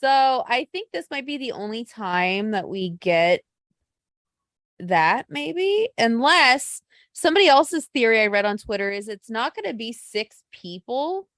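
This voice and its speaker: A woman co-hosting a casual podcast, gushing and animated as she tells stories. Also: fairly high pitch, a little slow, no room sound, studio quality. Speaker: podcast co-host. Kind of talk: casual chat.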